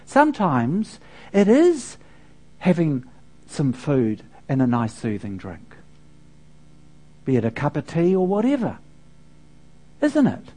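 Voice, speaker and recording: A man's voice: a little high, wildly swooping pitch, slow pace, pauses often, mellow. A man, a pastor preaching a sermon in a conversational, storytelling way with frequent asides to the congregation.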